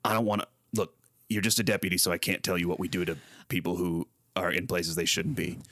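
A man's voice: low voice, level tone, fast, fairly bright tone, no echo, studio quality. An actor playing a scheming male adventurer who talks hesitantly, full of fillers, in an improvised comedy scene. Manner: hesitant, lots of fillers and restarts.

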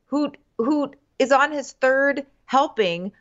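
A woman's voice: high voice, lively intonation, slow, fairly bright tone, highs cut off. A woman co-hosting a podcast, ranting in an exasperated, sarcastic and swearing way in casual chat. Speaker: podcast co-host.

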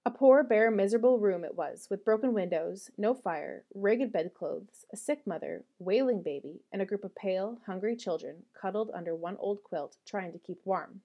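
A woman narrating a classic novel in a measured, expressive audiobook reading. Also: medium pitch, muffled recording.

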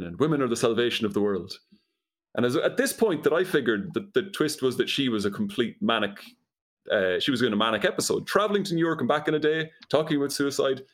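A man chatting casually, dryly and incredulously retelling a film's plot, often laughing. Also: mid-range voice. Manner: dry, incredulous storytelling with laughs. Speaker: podcast co-host recapping a movie. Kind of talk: casual comedic chat.

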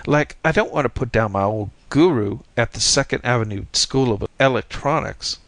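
A man's voice: mid-range voice, normal speed, a bit bright, lightly acted. A man reading as a young bearded beatnik poet-repairman, cocky and slangy, with a self-assured drawl. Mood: solemn musing.

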